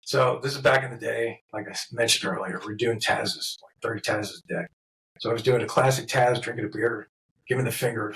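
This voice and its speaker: A man's voice: medium pitch, gravelly, poor audio. A man with a New York accent, a tattoo artist guest swearing freely and laughing as he tells stories. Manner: profane, laughing, animated storyteller. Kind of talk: casual storytelling.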